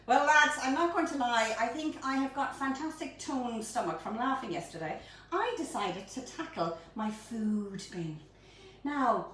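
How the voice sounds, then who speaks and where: A middle-aged woman chatting bubbly and animated as she hosts a live baking demonstration from her home kitchen. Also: medium pitch, a little hiss or hum. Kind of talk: live-streamed cooking demonstration. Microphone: phone camera held by a helper at a distance. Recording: echoey room, phone mic from far off.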